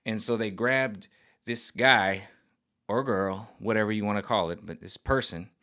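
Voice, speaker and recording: Man, low-pitched, comedic rant, animated, rambling. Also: measured pace. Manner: animated, rambling, jumps into voices. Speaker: vlogger.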